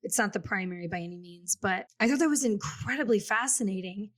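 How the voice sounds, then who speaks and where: A woman real estate agent co-hosting a casual chat, talking in an animated, storytelling way and acting out the quotes she tells. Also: medium pitch, brisk. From Kansas City area. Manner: chatty and animated, acts out quotes.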